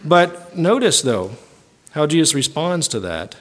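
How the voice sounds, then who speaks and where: A man's voice: a little high, very animated, a little slow. A man preaching a sermon as pastor, reading scripture and explaining it in a conversational way, often checking in with "right?".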